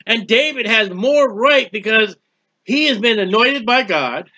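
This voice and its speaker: A man with a high, bright, ringing voice teaching from the Bible in a loose, conversational way. He talks with emphasis and acts out the prayers and speeches he quotes. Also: lively intonation, unhurried, muffled recording.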